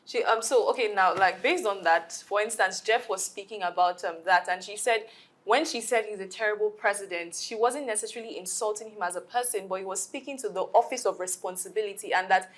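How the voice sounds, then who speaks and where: A woman's voice: mid-range voice, a little fast. Hesitant woman hosting a debate. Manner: hesitant, many fillers. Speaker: host. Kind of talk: moderating a panel debate.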